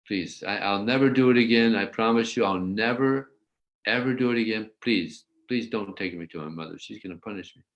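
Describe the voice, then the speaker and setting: A man voicing a mischievous little boy begging in a hushed voice not to be taken to his mother, in a scripture story. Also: fairly low pitch, a little fast, dull audio, close to an everyday voice. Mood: pleading. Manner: pleading, breathy and quiet. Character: mischievous little boy caught stealing, pleading.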